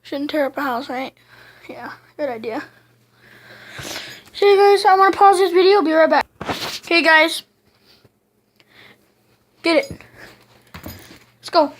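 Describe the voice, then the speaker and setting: A woman's voice: high voice, measured pace, long pauses. A woman vlogging casually at home, playfully coaxing and chatting to her dog on a handheld camera.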